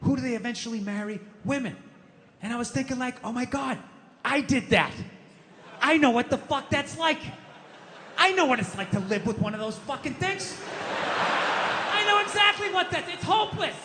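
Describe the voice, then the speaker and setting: A man performing a stand-up comedy routine, ranting and swinging between low mutters and loud shouts. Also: lively intonation, normal speed. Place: comedy stage. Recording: live stage with long reverb and faint ambience.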